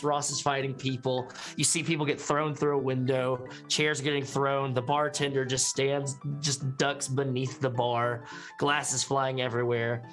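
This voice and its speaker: A man's voice: mid-range voice, fairly bright tone. Man narrating a tabletop scene. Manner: vivid, cinematic narration. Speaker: player.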